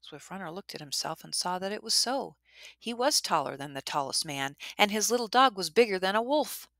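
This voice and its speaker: A woman telling a traditional story in a measured, dramatic narration. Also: mid-range voice, animated, a bit bright, dry recording, studio quality.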